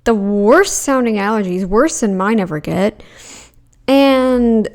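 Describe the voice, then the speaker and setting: A woman hosts a commentary channel doing reaction videos, blunt and argumentative, often mocking the people she reacts to and putting on mocking voices to quote them. Her voice is medium-pitched and a little mellow, with lively intonation, and she takes it slowly.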